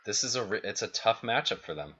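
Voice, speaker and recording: A man's voice: lowish voice, animated, quick pace, muffled recording, a crowd in the background. A man co-hosting a sports podcast, talking in a laid-back way and steering toward predictions. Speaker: podcast co-host. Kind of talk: casual sports chat.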